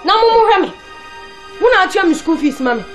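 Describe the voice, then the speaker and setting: A resentful young woman who makes accusations in a high voice. Music plays clearly under the film soundtrack. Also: sing-song, quick pace. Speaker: actor in a film drama. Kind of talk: film drama dialogue.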